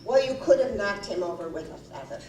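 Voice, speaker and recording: A woman's voice: medium pitch, expressive, fairly quick, noisy background, close to an everyday voice. A woman acting a gossipy young housemaid in a stage play, retelling a quarrel and acting out each voice. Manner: breathless gossip, acts out each quoted voice. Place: small community theater stage. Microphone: far-off room mic. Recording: roomy stage sound from far off.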